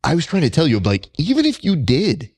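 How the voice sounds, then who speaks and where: Animated man hosting a grappling podcast. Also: fairly quick. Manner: animated storyteller, jumps high when quoting himself. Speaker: podcast host. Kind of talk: casual interview chat.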